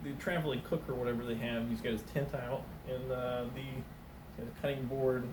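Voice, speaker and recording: A man's voice: medium pitch, flat delivery, brisk, roomy sound, far from the mic, noisy background. A man doing stand-up comedy and telling a meandering story, full of fillers and restarts, putting on small voices for the people in it. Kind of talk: rambling comic storytelling.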